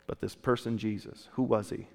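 A man's voice: fairly low pitch, fairly even intonation, normal speed, creaky, a little mellow, in a large hall. A man preaching a sermon as a pastor, asking his listeners one question after another and often restarting his sentences. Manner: asks many rhetorical questions, with restarts. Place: church.

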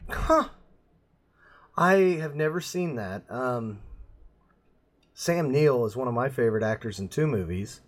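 A man's voice: medium pitch, lively intonation, a little slow, long pauses. A middle-aged man chatting casually as a podcast co-host, rambling and self-mocking, laughing at his own jokes. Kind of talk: casual chat.

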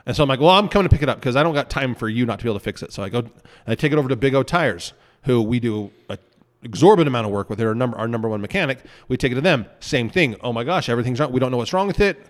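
Fast-talking animated man, echoey hall. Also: medium pitch. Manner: animated storyteller acting out both sides of conversations. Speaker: podcast co-host. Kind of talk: casual chat. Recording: long hall reverb.

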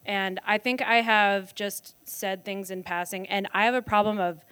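A woman, a guest in a casual chat. She talks brashly and without apology, swearing freely. Her voice sits at an ordinary pitch. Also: steady tone, normal speed, fairly bright tone, clear, resonant tone, no room sound. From South Carolina.

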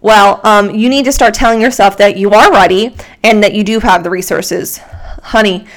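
A woman hosting a solo motivational podcast, talking into a microphone with energetic, casual pep-talk delivery, swearing freely and slightly out of breath. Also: medium pitch, moderate pace. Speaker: podcast host and fitness coach. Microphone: studio microphone.

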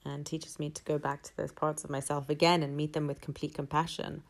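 A woman's voice: low-pitched, level tone, brisk, creaky. A woman telling a personal story in a candid, rambling, reflective way.

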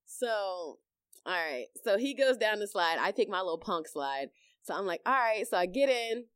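Animated woman telling a story. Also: medium pitch, moderate pace, no room sound. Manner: animated storyteller, acts out her own reactions loudly, laughs often. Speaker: podcast co-host. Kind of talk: casual chat and storytelling.

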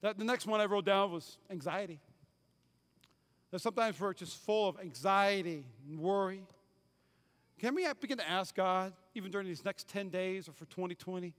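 A man preaching a sermon as pastor, emphatic, repeating key phrases and swinging from loud to hushed. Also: sits high, moderate pace. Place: church sanctuary. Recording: hall reverb, church sanctuary.

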